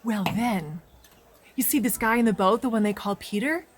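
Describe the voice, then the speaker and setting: A woman's voice: fairly high pitch, normal speed, a little hiss or hum, lightly acted. A woman playing a chatty female water droplet in a comic children's sermon skit, telling her story with gushing drama. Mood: excited storytelling.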